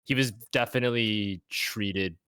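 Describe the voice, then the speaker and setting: Reflective young man with a lowish voice. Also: a bit bright, clear, resonant tone, no room sound. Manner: reflective, halting, heavy use of "like". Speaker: interview guest. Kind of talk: casual chat.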